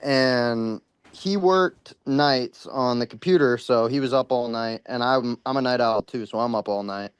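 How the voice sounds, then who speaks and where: Brief: male caller, mid-pitched, smooth tone, casual rambling storyteller, a bit shaken. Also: unhurried, few pauses, dry recording. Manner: rambling, full of "like" and "you know," swears freely. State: a little worked up. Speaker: caller sharing a paranormal experience.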